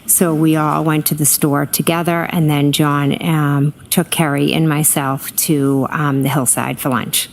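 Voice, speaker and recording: A middle-aged woman testifying as a witness in court, hesitant and filling pauses with ums, answering briefly. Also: sits low, level tone, a little hiss or hum. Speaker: trial witness.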